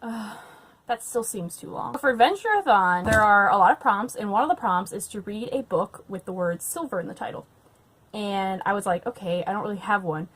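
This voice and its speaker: A young woman at home, tipsy on wine, chatting casually to camera and ranting with lots of swearing and loud outbursts. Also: mid-range voice, expressive, fairly quick, slightly rough. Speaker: book vlogger. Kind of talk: casual drunk reading vlog.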